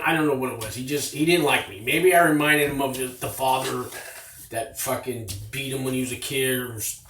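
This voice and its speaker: A former inmate in his fifties vlogs a prison story on a tablet, rambling casually and swearing as he goes. His mid-range voice is a bit bright, and the recording is roomy and off-mic with faint noise.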